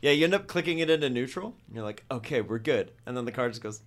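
Gravelly-voiced man running a tabletop game. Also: mid-range voice, racing, crowd noise. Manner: relaxed, loose describing with fillers. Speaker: game master.

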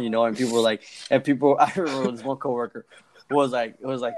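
Fast-talking young man telling a story. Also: mid-range voice, flat delivery, slight background noise. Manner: fast, profane, acts out quoted voices. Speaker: podcast co-host. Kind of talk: casual storytelling chat.

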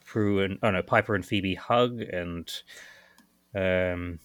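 A man co-hosting a podcast, talking through a comic, with lots of agreeing hums and halting restarts. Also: sits low, a bit bright, clean tone, no room sound. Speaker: podcast co-host. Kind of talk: casual chat about a comic.

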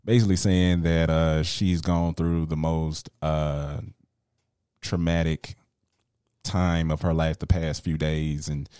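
A man's voice: very deep voice, dark tone, clean tone, no echo, clean studio sound. A man co-hosting a podcast from a home workshop, talking in a laid-back, slangy way and often adding "you know". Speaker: podcast co-host. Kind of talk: casual podcast chat.

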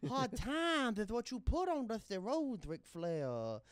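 A man's voice: sits high, huge pitch swings, takes it slowly, smooth, dry recording, studio quality, voice pushed up, full character voice. A man impersonating an older male wrestler cutting a drawling, lisping promo. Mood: preachy.

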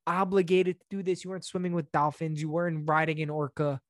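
A man's voice: a little high, little pitch movement, fast, dry recording. Male podcast co-host from New York, jokey banter, laughs a lot, dry close recording. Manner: joking, laughs often, slips into mock voices. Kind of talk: casual comedic chat.

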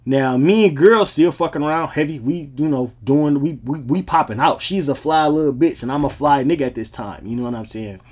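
A podcast host tells casual stories from his life in a laid-back, slangy style, often saying "you know what I'm saying". His voice is a little high and slightly mellow, brisk with hardly any pauses.

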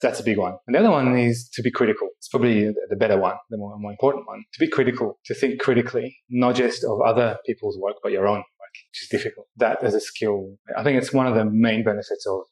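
A man's voice: lowish voice, steady tone, quick pace, hardly any pauses, darkish tone. Middle-aged man in an echoey room. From Australia. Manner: thoughtful, explanatory, with frequent restarts. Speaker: guest, AI researcher turned recruiter. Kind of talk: casual interview answers.

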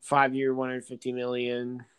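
A man talking baseball casually, rambling with lots of fillers and getting excitable. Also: medium pitch, normal speed, clean tone. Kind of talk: casual sports chat while playing a video game.

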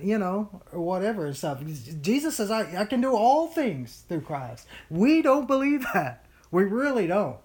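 An informal Bible study leader at a middle, everyday pitch, talking casually to a small group. The delivery is animated and rambling, full of fillers and restarts, and often slips into whiny put-on voices to make a point. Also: moderate pace.

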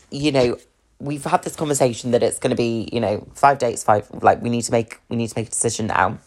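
A young British woman hosting a podcast, telling a dating story in a chatty, swear-filled way with lots of fillers and laughs. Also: extremely low pitch. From England. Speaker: podcast host. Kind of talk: casual storytelling about dating.

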